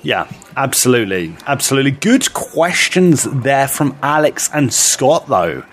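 A man's voice: medium pitch, sing-song, unhurried, a little hiss or hum. A man co-hosting a podcast, playful and teasing in casual chat. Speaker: podcast co-host.

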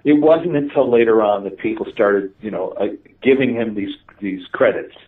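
A man telling stories in a casual conversation, animated and laughing, with many fillers and restarts. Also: lowish voice, normal speed. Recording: distant, tinny phone-like audio.

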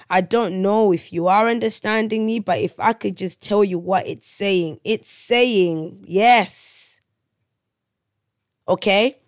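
A podcast host in her 30s recounts her personal testimony conversationally and earnestly, turning preachy while checking in with her audience. Her mid-range voice comes through clean studio sound with no echo.

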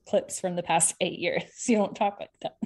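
A woman co-hosting a podcast, chatting casually and recapping a reality show with quick asides and laughter. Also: fairly low pitch, steady tone, darkish tone. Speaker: podcast co-host.

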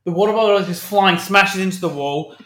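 A man co-hosting a podcast, telling a story in quick, chatty casual talk with swearing. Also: high voice, fairly bright tone. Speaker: podcast co-host. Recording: echoey room.

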